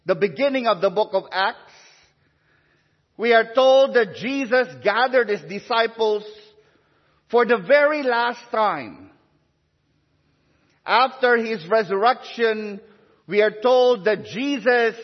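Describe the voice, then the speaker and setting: A man with a high-pitched voice preaches slowly and thoughtfully, leaving long pauses as he tells his story. The sound is somewhat dull, and his voice carries a long reverb through a big church. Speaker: priest. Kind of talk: sermon.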